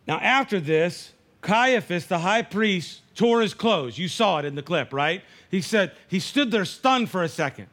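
A man's voice: sits high, animated, normal speed, hardly any pauses, a bit bright. A man preaching a conversational sermon, acting out the dialogue of the figures in the story. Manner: conversational preaching, acts out dialogue, frequent restarts. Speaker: pastor.

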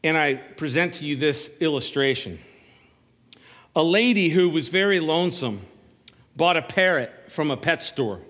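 A man's voice: on the high side, lively intonation, moderate pace, fairly bright tone, in a large hall. A man preaching a sermon in a church, speaking conversationally and asking the congregation for an amen. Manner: conversational preaching with call-and-response asides. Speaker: pastor.

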